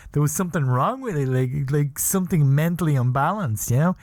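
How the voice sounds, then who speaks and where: A man's voice: a little high, expressive, brisk, a little mellow. A man hosting a podcast, telling a rambling comic story and laughing at his own jokes. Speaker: podcast host.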